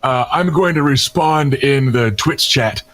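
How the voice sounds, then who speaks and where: A man's voice: medium pitch, a little slow, a bit bright. A man taking part as a player in a tabletop role-playing game, describing his character's actions.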